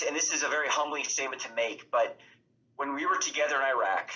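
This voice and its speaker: A man's voice: mid-range voice, sharp tone, lo-fi sound. A man speaking as a podcast guest, earnest and heartfelt, repeating his phrases as he talks. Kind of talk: heartfelt casual tribute.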